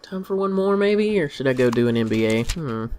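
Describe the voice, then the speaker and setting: A man's voice: mid-range voice, expressive, fairly quick, a little mellow, a little hiss or hum. Wry man muttering through a game. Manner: muttering to himself, wry and exasperated. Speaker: gameplay commentator. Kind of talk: let's play commentary.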